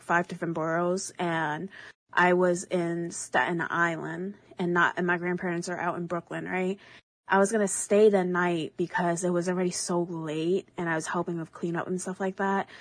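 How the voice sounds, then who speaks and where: A woman's voice: on the low side, no echo. A young woman co-hosting a podcast, telling a long story in a casual, rambling way and acting out what others said. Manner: rambling, animated, quotes others in their own voices. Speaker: podcast co-host.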